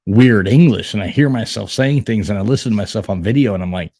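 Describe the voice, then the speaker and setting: A man with a Southern accent hosts a loose chat and teases his guests with a laugh. His voice is low and gravelly, and his pitch swings widely. The sound is dry. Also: quick pace, no echo. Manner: teasing, laughing, animated. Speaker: host. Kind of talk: casual livestream chat.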